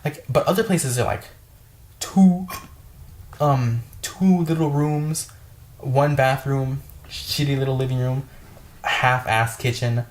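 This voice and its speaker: A woman's voice: extremely low pitch, normal speed, a little mellow. A young woman store worker ranting in a casual vlog, swearing often and exasperated, full of fillers.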